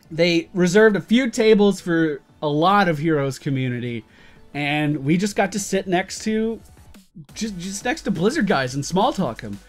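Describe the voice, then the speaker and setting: Wry, self-mocking male vlogger. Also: high voice. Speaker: YouTuber. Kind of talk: casual storytelling vlog.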